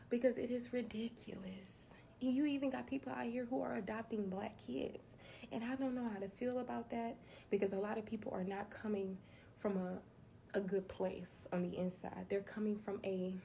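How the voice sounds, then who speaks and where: A woman's voice: medium pitch, vocal fry, warm tone, slight background noise. A woman speaking her mind in an earnest, conversational monologue, preachy at times, like a social media creator talking to her followers. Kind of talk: candid monologue to camera.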